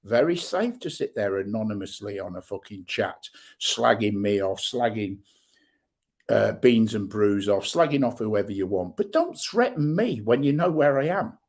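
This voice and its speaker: A middle-aged man, hosting a livestream and ranting bluntly with heavy swearing and shouted bursts. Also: on the low side, very animated, moderate pace. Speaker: livestream host. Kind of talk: angry livestream rant.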